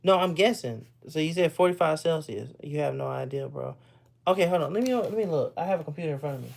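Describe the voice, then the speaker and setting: A man's voice: a little high, animated, fast talker, creaky. Rambling man chatting with viewers. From Texas, US. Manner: loose and rambling, repeats words, laughs often. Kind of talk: casual live-stream chat.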